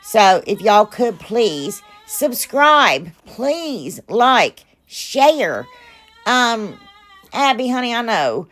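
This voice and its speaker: A chatty woman hosting a homemade craft vlog and talking straight to her viewers. She rambles from project to project, pokes fun at her own slip-ups and pleads warmly for subscribers. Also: on the high side, big pitch swings, takes it slowly. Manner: self-deprecating, laughs at her own mistakes. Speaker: craft channel host. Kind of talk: casual DIY crafting vlog.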